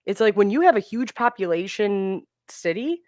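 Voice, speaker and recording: A woman guest on a movie podcast, telling stories in an animated, excitable way. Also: mid-range voice, moderate pace, no room sound. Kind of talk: casual podcast chat.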